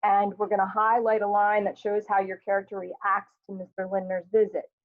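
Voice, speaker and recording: A woman's voice: mid-range voice, little pitch movement, normal speed. Woman teacher giving plain instructions. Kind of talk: lesson instructions and read-aloud. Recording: tinny phone-like lo-fi audio.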